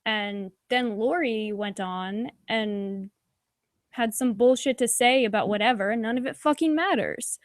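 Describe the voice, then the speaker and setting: A woman's voice: medium pitch, steady tone, unhurried, dry recording, clean studio sound. Profane, rambling woman livestreamer. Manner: profane, rambling, many "like"s and sighs. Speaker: YouTube livestream commentator reading chat. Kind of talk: casual livestream commentary. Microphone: desk microphone.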